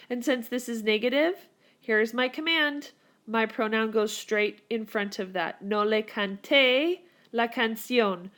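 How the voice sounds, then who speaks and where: Her voice sits fairly high with a touch of brightness. She's a Spanish teacher recording a whiteboard lesson on grammar, leading students through the rules in an upbeat, supportive way.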